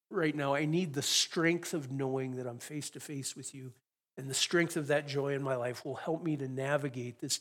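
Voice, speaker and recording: An older man preaching a sermon in an earnest, reflective way, drawing out words for emphasis. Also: mid-range voice. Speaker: pastor.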